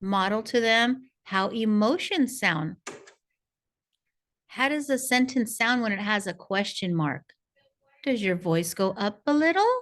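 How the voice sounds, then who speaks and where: A woman's voice: mid-range voice, expressive, measured pace. A woman narrating a parent workshop as a reading coach, in a patient, encouraging teacher tone. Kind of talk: scripted instructional narration.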